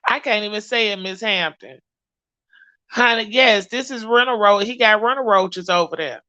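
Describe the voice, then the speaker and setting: Woman gossip vlogger, AAVE, bright punchy voice, dry close recording, profane and sassy. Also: mid-range voice, normal speed, dry recording, highs cut off. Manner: sassy, profane, animated storytelling. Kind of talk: casual commentary to viewers.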